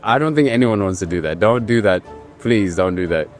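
A man's voice: fairly low pitch, lively intonation, fairly quick, soft background music. A man from London with an American accent, answering questions bluntly and cursing freely in a casual street interview outdoors. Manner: blunt, curse-laden, emphatic.

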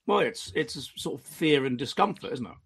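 A man's voice: mid-range voice, animated, a little fast, creaky, a bit bright, slightly rough. A man hosting a panel discussion, emphatic and full of restarts. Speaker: host.

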